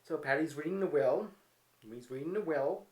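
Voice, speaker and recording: In a casual vlog shot in his apartment, a man speaking at normal speed with a high-leaning voice and lively intonation tells stories. He's wry and candid, quick to mock himself, and the room sounds roomy and echoey.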